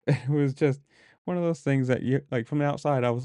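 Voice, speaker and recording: A man recounts a poker table story in an easygoing, rambling way, full of "like" and "whatever". His voice is warm and mellow. The sound is dry and close, and now and then he drops to a mutter to call his own folds. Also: medium pitch, brisk, no echo. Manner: rambling, conversational, with frequent filler words; mutters poker decisions to himself under his breath. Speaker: poker player telling a story. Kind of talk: casual storytelling vlog.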